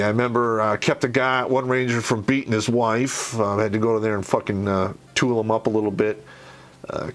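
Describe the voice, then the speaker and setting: A man hosting a show, telling barracks stories in a blunt, profane, rambling way, full of fillers and swearing. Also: on the low side. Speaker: podcast host telling army stories. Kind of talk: casual storytelling monologue.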